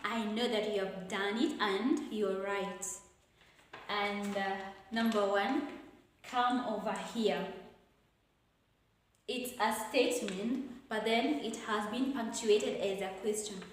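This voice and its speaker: A woman with a Kenyan English accent, teaching an English revision lesson at a board and repeating example sentences slowly and deliberately. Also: medium pitch, fairly even intonation. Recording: very echoey room, faint noise.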